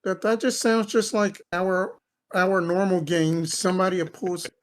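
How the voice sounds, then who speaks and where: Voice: mid-range voice, little pitch movement, normal speed. Rambling, hesitant moderator. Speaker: discussion moderator. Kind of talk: casual chat.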